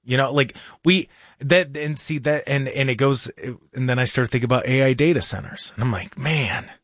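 A man's voice: medium pitch, normal speed, a bit bright, no room sound. Chatty male show host, dry close sound. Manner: chatty, rambling, frequent restarts and fillers. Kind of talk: casual live-stream show chat.

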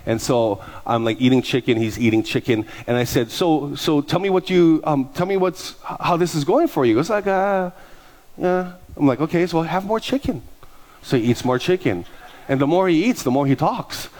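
A man's voice: a little high, fairly quick. A middle-aged male pastor preaching a sermon, telling stories and acting out the voices of people in them. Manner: animated, acts out dialogue in quoted voices. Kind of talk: sermon with storytelling.

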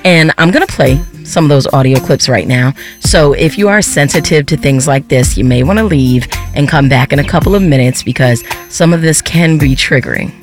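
A man's voice: on the high side, normal speed, hardly any pauses, over music. A man hosting a radio segment into a studio microphone, talking in a somber, openly emotional way. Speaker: radio host.

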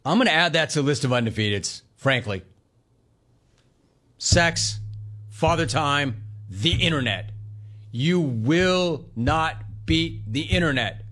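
A man's voice: a little high, lively intonation, takes it slowly, pauses often, fairly bright tone. A middle-aged man hosting a sports talk radio show, delivering an emphatic, punchy monologue full of repetition.

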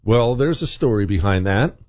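A man's voice: lowish voice, expressive, moderate pace, a little mellow, no echo. A man hosting a talk radio show, delivering an emphatic, sarcastic political monologue and ad reads.

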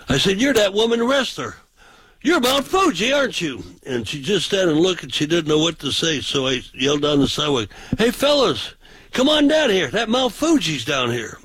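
A man's voice: medium pitch, a bit bright, breathy edge, dry recording, low-quality recording. A man, a pastor, telling folksy, rambling anecdotes in casual talk-show style.

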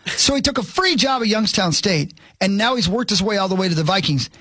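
A man's voice: high-pitched, animated, fast, hardly any pauses, fairly bright tone, no echo. A man co-hosting a sports talk show, telling a rambling story and poking fun at himself. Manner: rambling storyteller, self-mocking. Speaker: radio show co-host.

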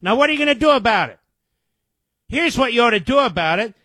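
Male talk host, high-pitched, sarcastic, indignant commentary, dry studio sound. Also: lively intonation, quick pace, pushed and bright, husky, no room sound. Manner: indignant, sarcastic asides between quoted reports. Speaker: radio show host. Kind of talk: political commentary, reading news aloud.

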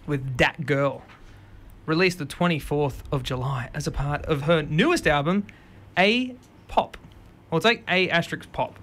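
A man's voice: a little high, a bit bright. Chatty young male radio host. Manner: chatty, quick asides, sings snatches of songs. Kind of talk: casual radio chat and music recap.

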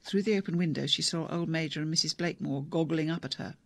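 A narrator reading a novel aloud in a measured, even storytelling manner. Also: mid-range voice, no room sound. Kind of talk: audiobook narration.

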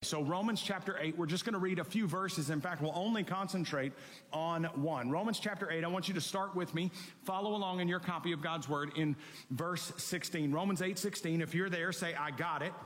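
Passionate high-voiced preacher in a reverberant hall. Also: male voice, a little fast, a bit bright, a little hiss or hum. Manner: passionate, reads scripture aloud. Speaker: pastor. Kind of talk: sermon.

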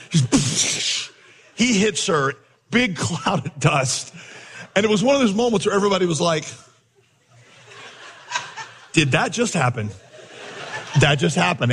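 A man preaching a sermon, telling a funny story and acting out his own shouts as a coach. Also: a little high, long reverb tail, a little hiss or hum. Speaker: pastor.

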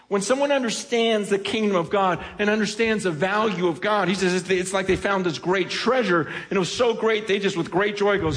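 A man's voice: sits high, steady tone, a little fast. A man preaching a sermon in a church, passionately acting out the voices he quotes. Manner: impassioned, acts out quoted voices. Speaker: pastor.

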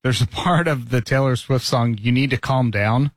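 A man hosting a morning radio show, setting up a bit in casual studio banter with halting, rambling phrasing. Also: mid-range voice, dry recording. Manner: rambling, halting setup with fillers.

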